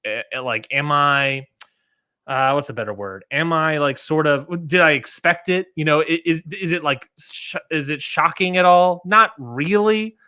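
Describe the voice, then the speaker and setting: Male podcast co-host, casual, full of fillers and restarts; higher voice, dry close mic. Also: moderate pace, sharp tone, clear, resonant tone, no echo. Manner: rambling, many fillers and restarts. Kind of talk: casual chat.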